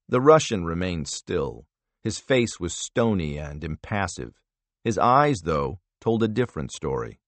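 A man narrating a thriller audiobook in a measured, expressive storytelling manner. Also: sits low, dry recording.

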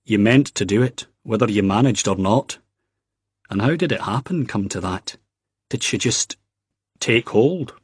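A man's voice: lowish voice, a little slow, husky, no room sound, studio quality. A man doing a blunt, teasing young Scot. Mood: prying. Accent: Scottish.

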